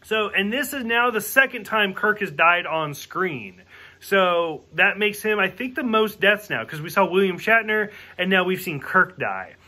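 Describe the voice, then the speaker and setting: A man's voice: sits high, expressive, unhurried, pushed and bright. A man reviewing a movie in a casual rant, exasperated and swearing, acting out the characters' lines as he goes. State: drinking while reviewing.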